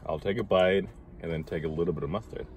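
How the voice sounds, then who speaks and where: A man with a lowish voice, talking casually about his food and chewing between sentences. He sounds relaxed and chatty, recorded in a parked car with a faint hum of traffic behind. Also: fast. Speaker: co-host of a food channel. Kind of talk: casual mukbang chat while eating.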